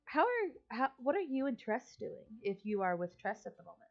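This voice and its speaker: A woman's voice: on the high side, very animated, a little fast, muffled recording, soft background music. A woman running a tabletop game as game master, talking casually with many fillers.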